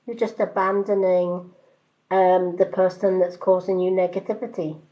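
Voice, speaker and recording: A tarot reader in her fifties with a mixed British accent gives a card reading on a live stream. Her lowish voice is flat and the audio dull; she's unhurried, hesitant, and reassuring, with many ums.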